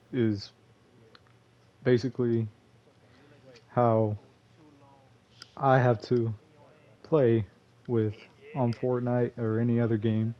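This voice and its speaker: A man's voice: medium pitch, lo-fi sound. A young man from Texas commentating on his own gameplay in a rambling, loose way, full of fillers and curses. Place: home gaming room.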